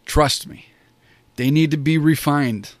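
A man's voice: on the high side, takes it slowly, no room sound. A man giving a casual spoken review of a wrestling show, rambling and enthusiastic, with many fillers and restarts.

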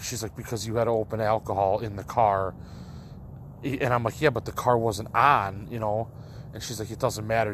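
A young man with a fairly low voice tells a personal story to his listeners. He rambles, leaning on likes and false starts. Faint ambience sits behind him. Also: slight background noise. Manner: rambling, full of likes and restarts. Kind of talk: casual storytelling monologue.

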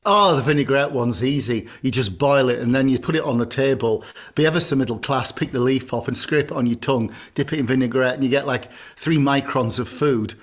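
A man's voice: medium pitch, a little fast, few pauses. A man, co-hosting a podcast in casual chat, blunt and jokey with casual swearing. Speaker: podcast co-host, chef.

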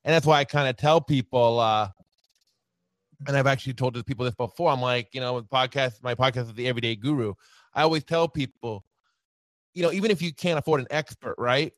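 A man appearing as a podcast guest, talking in an animated casual way, laughing often and tagging sentences with "right" and "you know". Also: mid-range voice, a little fast, no echo, studio quality. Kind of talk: casual chat.

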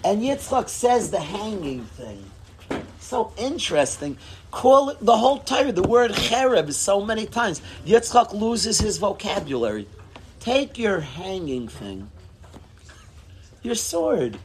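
A man teaching a Torah class in a casual lecture, expressive, swinging between low tones and loud bursts. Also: normal speed, background noise. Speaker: rabbi teaching students.

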